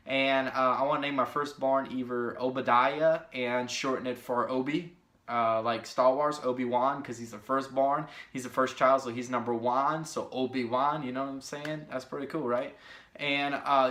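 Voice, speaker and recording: A young man in his twenties rambling through casual questions, full of ums and side tangents. His voice is bright and forceful, at a middle pitch. It bounces around an echoey room. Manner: rambling, chatty, lots of fillers. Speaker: vlogger. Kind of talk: casual question-and-answer chat.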